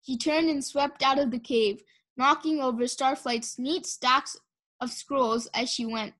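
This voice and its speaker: A woman reads a children's fantasy novel aloud in a casual, homemade style. Her voice sits high, and she stumbles now and then and restarts a word. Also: fairly even intonation, measured pace, fairly bright tone. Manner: reads aloud with small slips. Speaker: audiobook reader. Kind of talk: casual audiobook reading.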